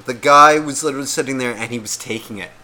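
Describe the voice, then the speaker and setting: Man, podcast co-host, bright forceful voice, casual rant, swears constantly, mimics other people. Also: mid-range voice, quick pace, a little hiss or hum. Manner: heavy swearing, rambling and exasperated; acts out the voices of people in his stories.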